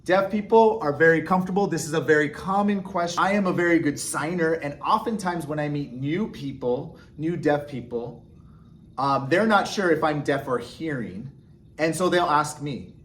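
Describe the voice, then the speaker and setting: A man with a fairly high-pitched voice explains signs to learners one step at a time. He talks patiently and pauses often to check in with a quick "okay?" before moving on. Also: a bit bright, a little hiss or hum. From United States. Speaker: sign language teacher. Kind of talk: instructional explanation.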